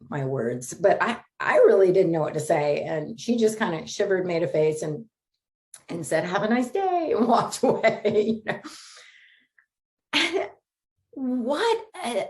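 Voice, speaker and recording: A middle-aged woman minister from Florida, giving a chatty, conversational sermon full of stories, fillers and little laughs. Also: lowish voice. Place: Sunday spiritual gathering streamed online.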